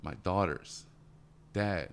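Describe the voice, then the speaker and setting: A man with a fairly low voice speaks in easy, earnest conversation. He sounds motivational and repeats himself as he builds a point. He keeps it loose with an occasional "man". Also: slow pace, vocal fry, slight background noise. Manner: acts out quoted voices in a higher pitch. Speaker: podcast guest. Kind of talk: casual conversation.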